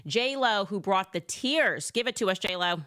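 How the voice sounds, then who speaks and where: A woman's voice: mid-range voice, animated, a little slow, a bit bright, clean tone. A woman giving casual, sarcastic political commentary, mocking as she talks. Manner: sarcastic, casual, filler-heavy.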